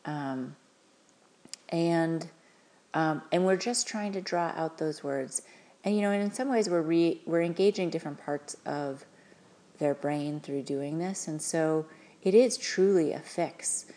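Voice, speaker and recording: A woman giving parents earnest, gentle advice, talking with frequent fillers and restarts. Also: sits low, unhurried. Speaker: parenting advisor.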